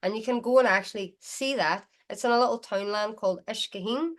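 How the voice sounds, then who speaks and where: A woman with a Derry accent, a DJ and music producer chatting as a guest on an interview podcast, telling stories in a quick, lively way. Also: medium pitch. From Northern Ireland. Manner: chatty storyteller, quick and animated. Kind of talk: casual interview chat.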